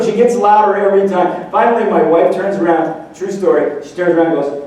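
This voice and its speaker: A man's voice: high voice, fast talker, darkish tone. A man giving a humorous keynote speech, telling stories and acting out voices for laughs. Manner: storytelling, acts out voices for laughs. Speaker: motivational speaker. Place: large hall. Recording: echoey hall from far off.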